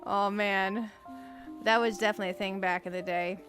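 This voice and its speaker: A woman's voice: medium pitch, steady tone, moderate pace, a bit bright, soft background music. A woman streaming a game, chatting casually, giggling often and greeting viewers by name. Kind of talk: casual live-stream chat while playing.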